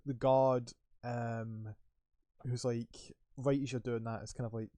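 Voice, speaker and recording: A man's voice: mid-range voice, level tone, a little slow, dark tone, no room sound. Brief: young male game master narrating in a loose, rambling way on a dry home mic. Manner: rambling, loose, full of fillers.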